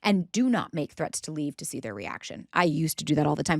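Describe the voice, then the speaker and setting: A woman's voice: deep voice, very animated, brisk, creaky, a little mellow, no room sound, clean studio sound. Blunt, profane woman podcast host. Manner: acts out quoted voices. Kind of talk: candid advice monologue.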